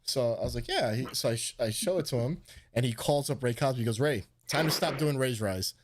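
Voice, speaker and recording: Against a noisy background, a man with a mid-range voice speaks fairly quickly while casually telling a story on a live stream he hosts. He's animated, swears freely, and acts out people's words in a raised voice.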